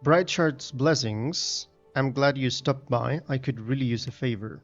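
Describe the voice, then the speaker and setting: Brisk woman merchant from a fantasy game, chatty and practical, lo-fi sound, voiced by a man. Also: medium pitch, soft background music, lightly acted. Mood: earnest. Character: brisk female trinket merchant.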